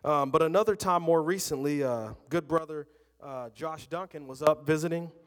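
A man's voice: on the high side, normal speed, long reverb tail. A middle-aged man preaching a sermon, talking conversationally and telling personal stories. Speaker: pastor.

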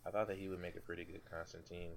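A man's voice: low voice, level tone, very fast, vocal fry, a little hiss or hum. A man co-hosting a podcast in loose, casual chat, swearing and correcting himself as he goes. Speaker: podcast co-host.

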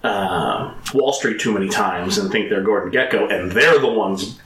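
Casual podcast co-host, bright lively man, roomy echo, faint hiss. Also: on the low side, normal speed. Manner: animated, quotes film lines in put-on voices. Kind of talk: casual movie podcast chat. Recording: echoey room with faint noise.

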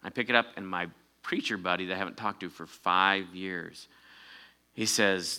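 A man's voice: sits low, moderate pace, pushed and bright, smooth. A man preaching a conversational sermon, building to emphatic peaks. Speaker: pastor.

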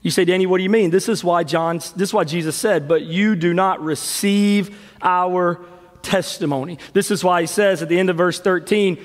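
Fiery high-voiced preacher in a reverberant hall. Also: male voice. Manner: preaches worked up, shouting and sweating, then drops quiet. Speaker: pastor. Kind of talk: sermon. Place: church sanctuary.

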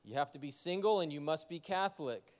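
A man's voice: a little high, lively intonation, brisk, natural voice. A man voicing an elderly, unshockable nun in a joke, in a reassuring tone. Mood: calm. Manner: gentle, reassuring joke telling. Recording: long church hall reverb.

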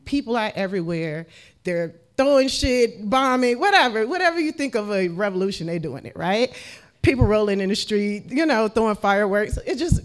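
Animated woman telling a story. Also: mid-range voice. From United States. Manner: animated, swears freely, laughs while telling. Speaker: podcast guest. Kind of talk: casual storytelling.

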